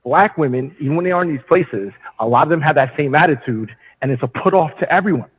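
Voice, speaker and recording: A man on a panel arguing his point in a deliberate, lecturing way. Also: a little high, expressive. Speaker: panel guest. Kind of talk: opinionated commentary. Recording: husky voice over phone line.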